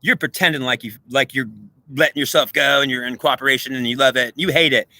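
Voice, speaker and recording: A man's voice: mid-range voice, quick pace, sharp tone, no echo. A man doing a scornful, blunt male politician. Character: blunt, defiant older male politician impression.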